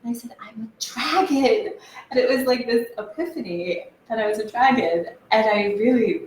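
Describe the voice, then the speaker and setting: A woman's voice: on the high side, brisk, slight background noise. A woman, a guest on a talk show, animatedly telling about her experience with frequent laughs and restarts. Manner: animated storyteller, laughs often, many restarts. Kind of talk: casual conversation. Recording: echoey room with faint ambience.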